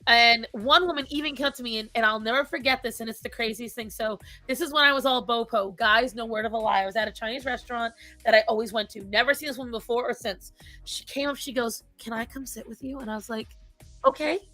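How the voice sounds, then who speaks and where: A woman's voice: fairly high pitch, quick pace, sharp tone, faint music behind. A woman with a thick Rhode Island accent, telling stories in casual chat, laughing often and swearing freely. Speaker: podcast co-host.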